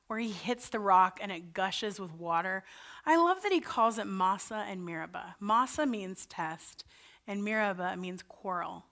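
A woman pastor delivers a sermon in a plain, conversational way. Her voice sits a little high for a woman. It climbs and grows louder whenever she voices a plea or a doubt. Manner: earnest and conversational, voice rising for quoted pleas to God.

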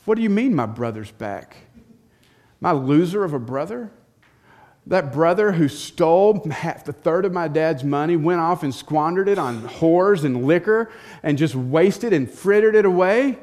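A man voicing a resentful older brother, loud and scornful in his complaints. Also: mid-range voice, expressive, a little slow. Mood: indignant.

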